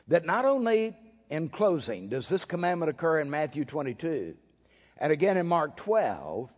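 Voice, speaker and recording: A man preaching a dramatic sermon, swinging between loud bursts and hushed asides, acting out the quoted voices with wry humor. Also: fairly high pitch. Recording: dull recording with a long hall reverb.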